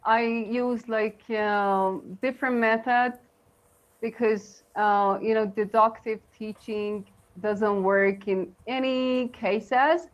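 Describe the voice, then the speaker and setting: A woman co-hosting a live online English lesson, talking slowly with many fillers over a video call. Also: on the high side, steady tone. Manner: slow, halting, many fillers. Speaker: co-host English teacher. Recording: dull lo-fi stream audio.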